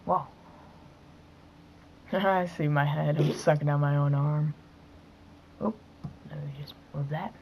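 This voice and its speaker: A woman recording let's-play commentary who breaks into sudden excited yelps and mutters whispered asides under her breath. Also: low voice, slow pace, gravelly, pauses often, lo-fi sound, a little hiss or hum. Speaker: gaming video host.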